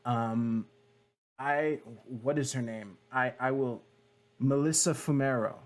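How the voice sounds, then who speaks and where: Young man riffing on a TV show, rambling commentary, average pitch, loose delivery with fillers and casual swearing. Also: slow. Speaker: video creator.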